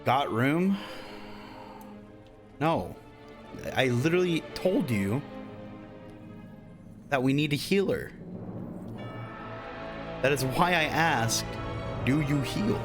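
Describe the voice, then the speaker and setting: A man's voice: mid-range voice, expressive, slow, long pauses, over music. A young man streaming a game, swearing and laughing in frustration. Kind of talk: live game-stream chat.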